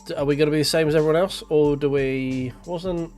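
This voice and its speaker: Live on stream with a racing sim, a man rambles and thinks out loud, swearing casually as he goes. His voice is on the high side yet darkish in tone, steady and a little fast, with soft background music playing.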